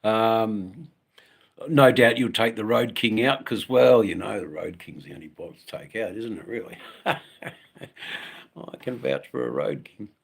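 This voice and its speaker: A man's voice: fairly low pitch, a little slow, gravelly, breathy edge. An Australian man from Western Australia, chatting casually at home on a live stream for his motorcycle channel, rambling with lots of ums and the odd swear word.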